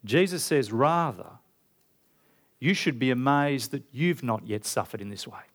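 An Australian man preaching a sermon, emphatic, with big animated jumps when he quotes. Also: a little slow. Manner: emphatic, rising to loud animated stresses and quoting Jesus with big pitch jumps.

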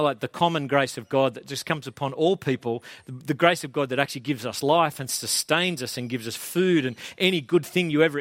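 A middle-aged pastor delivers a sermon in a relaxed, conversational way, joking at his own expense. His voice sits slightly high for a man, and the sound is close and dry. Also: dry recording. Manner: casual, chatty, self-deprecating.

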